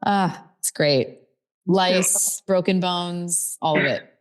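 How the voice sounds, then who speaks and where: Podcast guest, thirties woman, lively gushing storyteller, lowish voice. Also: takes it slowly. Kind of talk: casual podcast conversation.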